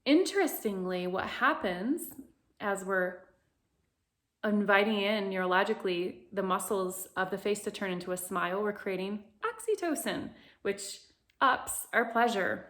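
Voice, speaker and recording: A woman voice coach guides a vocal exercise lesson, giving slow, soothing instructions and singing vowel sounds as demonstrations. Her mid-range voice is expressive and a bit bright.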